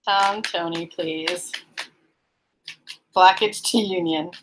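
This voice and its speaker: A woman's voice: fairly low pitch, fairly even intonation, takes it slowly, background noise. A woman hosting a casual live-streamed card reading from her apartment, chatty and giggly, calling out viewers by name. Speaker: tarot card reader and live-stream host.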